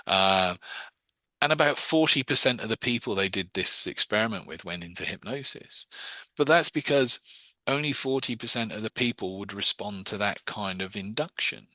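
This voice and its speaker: A man teaching hypnosis in a casual online class, talking conversationally with quick asides over a video call. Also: fairly low pitch, expressive, pushed and bright, dry recording.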